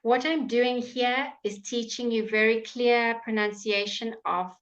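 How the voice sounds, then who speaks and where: A woman with a British accent teaching English pronunciation in a live online class, enunciating words slowly and clearly, with frequent fillers. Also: fairly high pitch, steady tone, muffled recording. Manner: slow, clear, drawn-out enunciation with many fillers. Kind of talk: live online language lesson.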